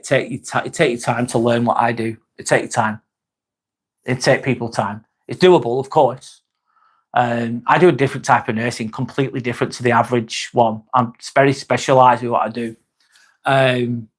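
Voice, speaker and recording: A man's voice: medium pitch, moderate pace, slightly rough. A young man hosting a casual live stream, chatting to viewers, swearing now and then and calling people mate. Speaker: livestream host reading chat.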